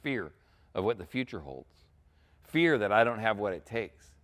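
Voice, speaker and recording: A man's voice: lowish voice, very animated, moderate pace, a bit bright. A man preaching a sermon as a pastor, in a casual, conversational way, often checking in with "right?".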